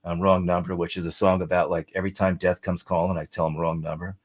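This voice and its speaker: A man's voice: low-pitched, level tone, quick pace. A middle-aged man, a songwriter guest, rambling and chatty as he tells stories in a casual interview.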